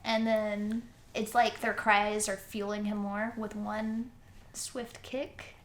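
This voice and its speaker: A woman's voice: mid-range voice, takes it slowly. A young woman co-hosting a podcast, retelling a story in casual chat and acting out the quoted lines as she goes. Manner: animated storyteller who acts out quoted lines. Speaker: podcast co-host. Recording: echoey room, faint noise.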